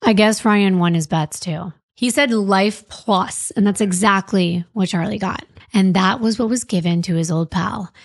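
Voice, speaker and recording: A woman's voice: medium pitch, measured pace, hardly any pauses, no echo. Female true crime host, wry and sarcastic; dry, close recording. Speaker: podcast host. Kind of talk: true crime podcast narration.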